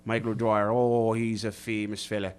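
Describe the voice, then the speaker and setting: Irish barfly, boastful and rambling, an actor improvising it, jumpy high pitch, comic bit. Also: male voice, flat delivery, moderate pace, clean tone, lightly acted. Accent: put-on Irish.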